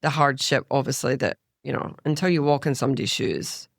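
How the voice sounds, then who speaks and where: A woman's voice: a bass voice, a little fast, vocal fry, no echo. Glaswegian woman in her fifties, blunt storytelling podcast guest, dry close mic. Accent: Glaswegian Scottish. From Scotland. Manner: blunt, swears freely, animated storyteller. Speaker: guest, stylist. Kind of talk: casual podcast chat.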